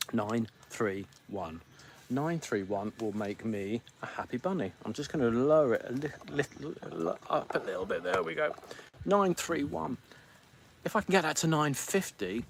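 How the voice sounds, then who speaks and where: A man's voice: mid-range voice, slight background noise. A middle-aged man hosting a live podcast stream from home, grumpy and theatrical, rattling on like an auctioneer. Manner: grumpy, theatrical, pleading with viewers; rapid-fire like an auctioneer. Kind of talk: casual live-stream chat.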